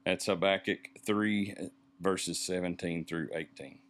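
A man, co-hosting a casual church podcast and talking in a halting, rambling way. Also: sits low, fairly even intonation, fairly bright tone. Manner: halting, rambling, searching for words.

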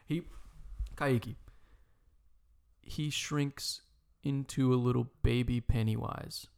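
Animated young man telling a story. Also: mid-range voice, slow pace, creaky. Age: 20s. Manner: animated, swearing, lots of "like" fillers. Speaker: friend retelling a movie. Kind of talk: casual chat.

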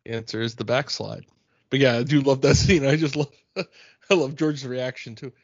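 A man's voice: mid-range voice, moderate pace, no echo, muffled recording. A man co-hosting a podcast in casual chat, easygoing and laughing often. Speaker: podcast co-host. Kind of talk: casual chat recapping scenes.

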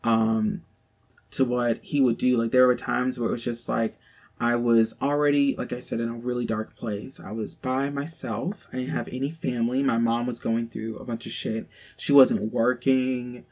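Gravelly young Southern man, frank storytelling. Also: mid-range voice, little pitch movement, moderate pace, a little mellow. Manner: frank, profane, heavy use of "like". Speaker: podcast co-host. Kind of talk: candid casual storytelling.

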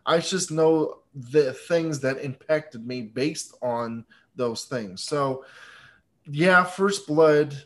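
A man's voice: fairly high pitch, drawn-out words. A man co-hosting a casual movie podcast, rambling and joking, swearing freely. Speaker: podcast co-host.

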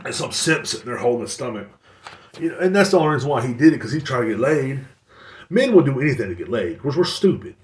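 A man rants bluntly as a podcast host, swearing freely and rambling from point to point. His pitch swings up and down with animated energy. He sits back from the mic in a room with a noticeable echo. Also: fast talker, distant mic, a little hiss or hum. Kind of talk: casual ranting monologue. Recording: roomy echo, away from the mic.

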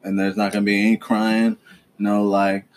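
A man's voice: lowish voice, monotone, normal speed. A man hosting a casual home podcast with his child, teasing and lecturing in a fatherly way. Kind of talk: casual family chat.

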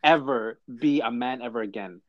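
A man co-hosting a podcast in casual chat, animated and full of "like" and "I'm like". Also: medium pitch, moderate pace, dry recording, dull audio. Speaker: podcast co-host.

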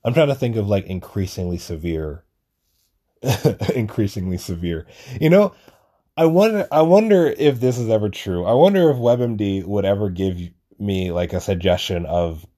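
Animated and warm, this young podcast host speaks at a fairly low pitch and a normal speed. He rambles through a laid-back solo monologue, swearing a lot and making fun of himself.

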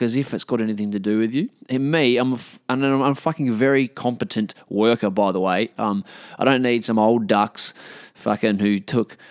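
A man's voice: lowish voice, smooth, no room sound, studio quality. An Australian man telling a casual anecdote in a blunt, profane, rambling way. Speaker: storyteller.

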